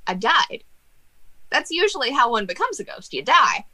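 A woman's voice: on the high side, sing-song, normal speed, pushed and bright, pitched above the performer's own voice, exaggerated voice. A woman voicing a scrawny, mischievous male jester ghost in a tabletop game, with a snide, childish manner. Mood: deadpan.

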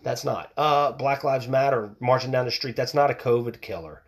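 A man's voice: medium pitch, moderate pace. A man hosting a show from home, ranting bluntly with plenty of swearing and restarts, into a home mic that picks up outside noise. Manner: blunt, profane, fired-up ranting with many restarts. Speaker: podcast host. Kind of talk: casual opinion rant.

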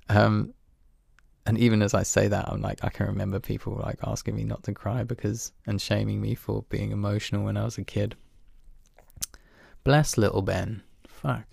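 A man's voice: on the low side, little pitch movement, normal speed, vocal fry, darkish tone, husky, no room sound, studio quality. A man talking in a casual, reflective monologue, candid and self-deprecating, swearing now and then and laughing at himself.

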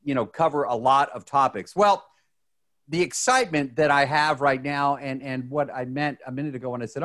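Excitable rambling man from Texas. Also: mid-range voice, moderate pace. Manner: excitable, rambling, many restarts. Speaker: podcast co-host. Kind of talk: casual podcast chat.

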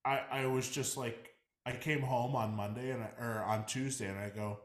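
A man's voice: medium pitch, fairly even intonation, moderate pace. A man co-hosting a podcast, chatting loosely, swearing freely and repeating himself. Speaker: podcast co-host. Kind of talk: casual chat.

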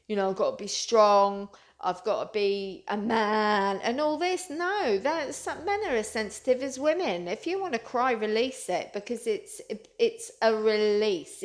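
Woman, spiritual vlogger, earnest, loose and repetitive delivery. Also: a little high. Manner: earnest, rambling, repeats herself. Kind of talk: casual spiritual talk to viewers.

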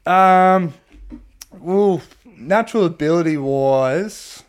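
A man's voice: sits high, slow, smooth. A young man with an Australian accent, a footy player telling stories in a casual podcast chat, swearing freely and laughing as he goes. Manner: swears a lot, laughs mid-story. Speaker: guest, rugby league winger.

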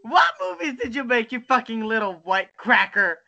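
A young adult on a webcam video call, ranting and swearing constantly, bursting into shouts and cry-like laughter. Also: medium pitch, sing-song, normal speed, vocal fry, lo-fi sound. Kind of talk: casual profane rant.

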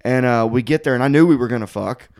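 Crude, loud-laughing man. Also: medium pitch, quick pace. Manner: crude, laughs loudly, animated storytelling. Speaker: podcast host. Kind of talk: casual chat.

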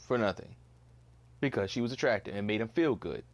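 A young man hosts a casual solo podcast, ranting bluntly with a fairly low, brisk voice. He swears and repeats himself in disbelief.

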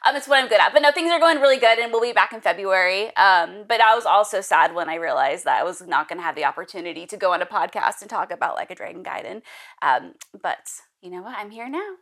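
A woman's voice: medium pitch, expressive, fast, fairly bright tone. A woman guesting on a podcast in casual chat, playful, teasing and bubbly.

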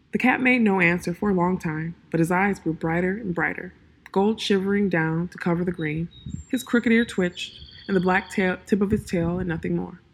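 A woman reading a fantasy story aloud in a calm, measured narration. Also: fairly low pitch, breathy edge.

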